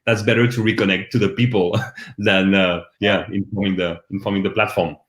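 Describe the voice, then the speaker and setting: A man's voice: deep voice, little pitch movement, fairly quick, a bit bright, reverberant. A man from France with a French accent, a guest talking candidly and animatedly in a casual live chat.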